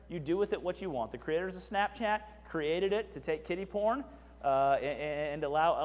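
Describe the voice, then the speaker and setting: Pastor, male, high voice, chatty sermon with asides, church hall reverb. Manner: conversational, asides and repeated "right?".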